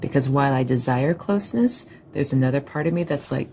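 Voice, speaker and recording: A woman's voice: very deep voice, brisk, a little mellow, a little hiss or hum, rough recording. A woman speaking as a client in a therapy session, earnest and reflective.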